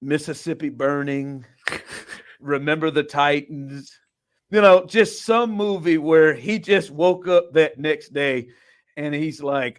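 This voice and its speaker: A man hosting a casual sports talk show, animated and incredulous, laughing often and packing his talk with fillers. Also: fairly high pitch, takes it slowly, clean tone. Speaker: podcast host.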